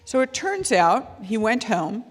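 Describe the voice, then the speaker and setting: A woman's voice: a little high, sing-song, measured pace. Woman educator talking to parents, earnest and chatty, lots of ums, big echoey hall. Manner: earnest, storytelling, with frequent ums and restarts. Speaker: child safety educator giving a talk. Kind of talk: conversational lecture to parents. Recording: long hall reverb.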